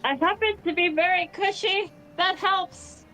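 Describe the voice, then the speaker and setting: A woman's voice: extremely high pitch, measured pace, bright, forceful tone, soft background music, voice pushed up, full character voice, low-quality recording. A woman voicing a plucky female adventurer in a sweet, raised voice. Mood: cheerful.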